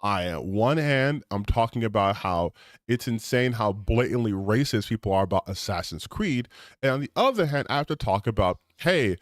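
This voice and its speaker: A man's voice: mid-range voice, no room sound, clean studio sound. A man ranting on a gaming stream, reading out comments and reacting with heated, sarcastic, profane commentary. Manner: heated, sarcastic, swears often.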